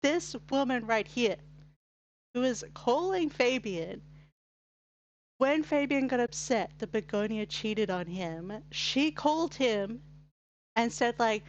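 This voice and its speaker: A woman's voice: fairly high pitch, animated, slow pace, muffled recording, slight background noise. An Australian woman streaming a game, chatty and giggly, with lots of "like". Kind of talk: casual gameplay chat.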